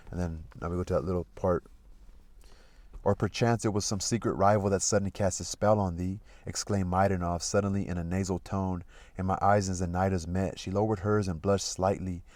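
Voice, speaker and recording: A man reads a classic novel aloud in a very low, deep voice. He stops now and then to re-read a passage and muse about it casually. The sound is close and dry, with no room echo. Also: a little mellow. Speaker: reader of a literary audiobook channel. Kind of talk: reading a novel aloud with commentary.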